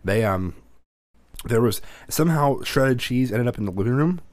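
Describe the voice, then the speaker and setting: A man's voice: medium pitch, expressive, moderate pace, a little mellow, no echo. A young man co-hosting a casual chat, telling rambling, sweary stories. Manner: rambling storytelling, swears freely. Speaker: podcast co-host.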